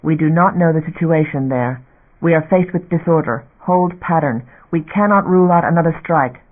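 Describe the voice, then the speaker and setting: A male narrator voicing a fleet comm officer who speaks quietly and steadily over comm. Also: mid-range voice, close to an everyday voice. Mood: grave. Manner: quiet, measured. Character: calm fleet comm officer giving orders. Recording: narrow phone-like audio.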